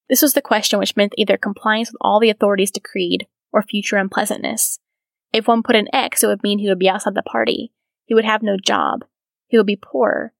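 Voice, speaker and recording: A woman's voice: medium pitch, little pitch movement, fairly quick, vocal fry, dry recording. A woman hosting a podcast who reads from a biography aloud and adds earnest, reflective comments of her own. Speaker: podcast host.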